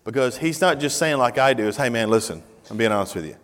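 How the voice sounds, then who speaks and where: A man's voice: medium pitch, animated, fast, a bit bright. Conversational male pastor in a reverberant hall. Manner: conversational, emphatic, reads scripture aloud. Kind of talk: sermon.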